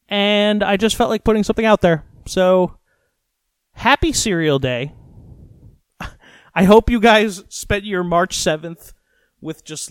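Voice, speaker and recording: A man's voice: on the high side, clean tone, no room sound, studio quality. A man hosting a podcast alone, rambling and joking with plenty of swearing in a casual late-night monologue. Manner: rambling, profane, jokey. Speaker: podcast host. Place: recorded at home late at night.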